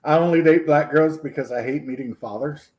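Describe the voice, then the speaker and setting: A man hosting a casual online chat stream and cracking deadpan one-liners. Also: a little high, a little fast. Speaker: stream host.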